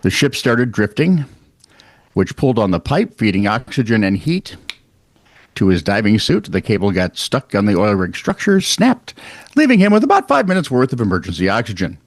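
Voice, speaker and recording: A man co-hosting a podcast, reading out odd news stories in a wry, animated storytelling way with casual asides. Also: lowish voice, moderate pace, no room sound. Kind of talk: casual comedic news chat.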